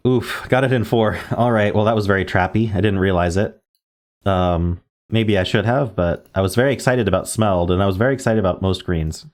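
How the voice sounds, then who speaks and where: Low-voiced man musing over word puzzles. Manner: muses aloud, spells out letters, self-corrects. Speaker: word game streamer. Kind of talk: casual thinking-aloud gameplay commentary.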